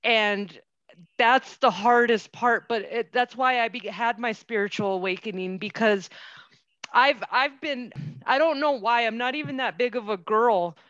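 A woman in her forties with a high voice, telling her stories with animated back-and-forth. The recording is dry and a little dull. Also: moderate pace, dry recording. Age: 40s. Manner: animated storytelling with quoted exchanges. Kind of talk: casual conversation. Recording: dull lo-fi sound.

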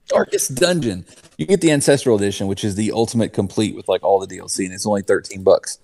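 A man's voice: on the low side, quick pace, darkish tone, no room sound. A man chatting casually as a podcast panelist, rambling and correcting himself as he goes. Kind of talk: casual chat.

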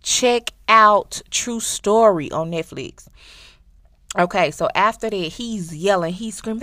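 A woman hosting a podcast, casually recapping a show in an animated, slangy way and talking straight to her listeners. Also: medium pitch, slow, no room sound. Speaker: podcast host.

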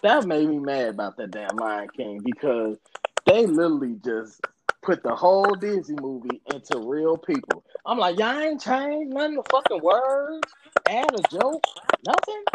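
A fairly low-voiced woman chatting casually, her pitch swinging widely as she rants and laughs. She swears freely and keeps things loose and animated. A steady hiss of noise sits under the recording. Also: normal speed. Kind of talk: casual chat.

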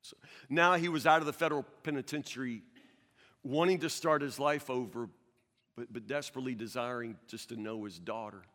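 A man preaching a sermon as pastor, earnest, with stammering restarts, swinging from loud to hushed. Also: mid-range voice, steady tone, fairly quick, in a large hall.

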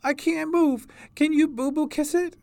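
A man's voice: extremely high pitch, fairly even intonation, moderate pace, vocal fry, darkish tone, no echo, voice pushed up. A man voicing a small hurt little girl who sobs and pleads in a storybook reading. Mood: pleading. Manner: sobbing, pleading.

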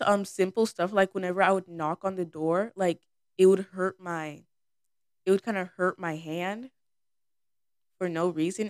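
Chatty teen girl with a smooth, lowish voice. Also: no room sound, clean studio sound. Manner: chatty and rambling, many "like"s and "um"s. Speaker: podcast host. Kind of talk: casual personal monologue.

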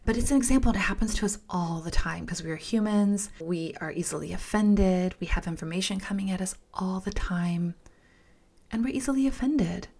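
A woman hosting a podcast shares a personal story in a mid-range, slightly mellow voice. Her delivery is candid and emphatic, with words repeated for stress, frequent whispers, and listeners addressed as "you guys."

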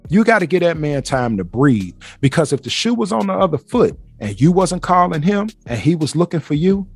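A man's voice: a little high, sing-song, fairly quick, slightly rough, dry recording, faint music behind. A man hosting a solo podcast, talking bluntly and emphatically with plenty of swearing. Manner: blunt, emphatic, profane ranting. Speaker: podcast host.

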